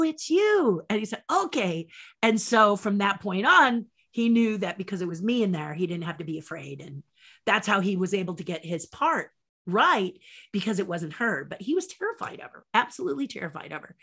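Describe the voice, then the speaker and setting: An older woman guest telling behind-the-scenes anecdotes in an animated way, acting out the voices with big jumps in pitch. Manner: lively storyteller who acts out voices with big jumps in pitch. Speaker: interview guest, former set designer and puppeteer.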